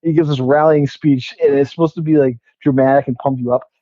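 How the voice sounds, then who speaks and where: A man's voice: medium pitch, fairly even intonation, a little fast, muffled recording, background noise. A man co-hosting a podcast, recapping a movie in casual chat, laughing and mocking it while swearing often. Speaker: podcast co-host.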